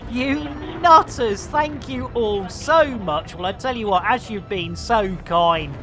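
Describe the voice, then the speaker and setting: A woman streaming a game live, chatting excitedly and thanking her viewers with frequent exclamations. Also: medium pitch, takes it slowly. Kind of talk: live gaming stream chat.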